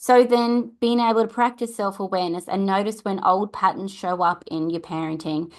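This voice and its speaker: A middle-aged Australian woman talks through parenting advice in a casual, earnest way. She restarts her sentences and tags them with quick questions to the listener. Her pitch sits in an ordinary middle range for a woman. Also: fairly even intonation. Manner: chatty, earnest, repeats and restarts, tag questions. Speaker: podcast host and parenting coach.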